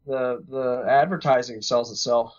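A man's voice: medium pitch, steady tone, unhurried, a little mellow. A young man co-hosting a podcast in casual sports chat, joking and rambling as he restarts his sentences. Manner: joking, rambling, repeats words. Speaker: podcast co-host. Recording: dull lo-fi recording.

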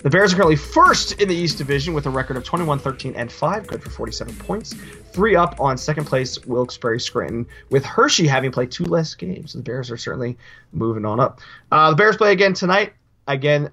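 A man's voice: medium pitch, big pitch swings, fairly quick, bright, forceful tone, husky, faint music behind. A man co-hosting a casual hockey podcast, reading results and news with dry, grumbling humor.

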